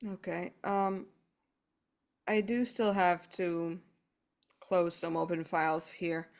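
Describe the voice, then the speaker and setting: A woman's voice: lowish voice, fairly even intonation, slow, gravelly. A woman playing a tabletop role-playing game, blunt and practical in her talk. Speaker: player. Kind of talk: in-character tabletop play.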